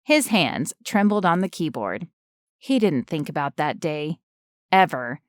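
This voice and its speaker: A woman reading an audiobook in measured, even scripted narration on a close studio mic. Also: sits low, no echo.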